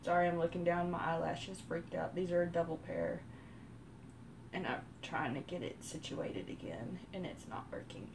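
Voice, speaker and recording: Texan woman, unhurried rambling storyteller, lowish voice, faint background hum. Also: creaky. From Texas. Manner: slow rambling delivery with many pauses. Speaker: live streamer. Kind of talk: casual storytelling during a makeup routine.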